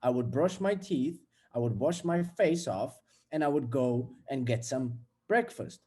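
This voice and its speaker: A man's voice: medium pitch, animated, measured pace, darkish tone, breathy edge. A young man giving a casual, blunt motivational talk, swearing freely and acting out everyday scenes. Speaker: self-development vlogger.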